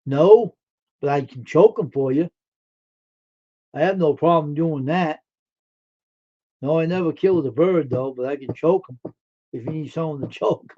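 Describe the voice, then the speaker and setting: A man hosts a casual live stream and chats with his viewers in a folksy, rambling way. His voice sits a little high for a man. The audio is dull and lo-fi. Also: measured pace, long pauses, warm tone. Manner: folksy, chatty, answers chat comments.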